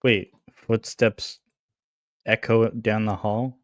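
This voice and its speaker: Slow-talking man chanting lyric lines. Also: fairly low pitch, flat delivery, dry recording, clean studio sound. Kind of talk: casual chat, reciting made-up lyrics.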